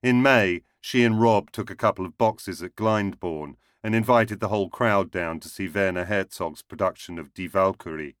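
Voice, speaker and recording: A man reads a short story aloud in a wry, understated way. His voice sits low. The recording is dry and close-miked. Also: moderate pace, few pauses, a bit bright, no room sound. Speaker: narrator.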